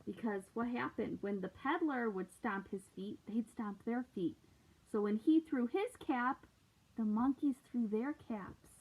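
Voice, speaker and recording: Woman reading a picture book aloud, slow. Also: a little high, a little mellow, husky. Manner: pauses to ask young listeners questions; points out details in the pictures. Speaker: storytime reader. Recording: tinny phone-like audio.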